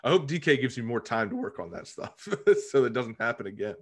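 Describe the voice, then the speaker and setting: A man's voice: mid-range voice, animated, a little fast. A man hosting a casual interview, asking easygoing questions. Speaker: host.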